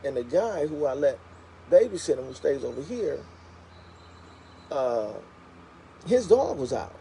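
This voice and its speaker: An animated storyteller, this man chats to viewers of his livestream in a warm, mellow voice that sits a little high. Faint traffic noise hums behind him. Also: measured pace, gravelly, pauses often, poor audio. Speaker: live streamer.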